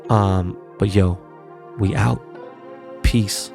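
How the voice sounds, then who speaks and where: A man's voice: lowish voice, fairly even intonation, extremely slow, gravelly, over music. A man hosting his podcast in a casual solo wrap-up, talking loose, blunt and profane with laid-back slang. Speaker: podcast host.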